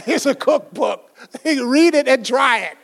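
A man's voice: very high-pitched, huge pitch swings, slow, vocal fry, fairly bright tone. An older man preaching a folksy, conversational sermon, acting out little scenes as he goes. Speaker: pastor.

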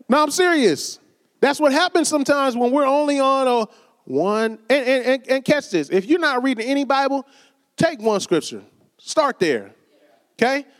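High-voiced preacher man, reverberant church. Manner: conversational, calls for amens, acts out quoted voices. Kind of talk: sermon. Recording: long reverb of a church hall.

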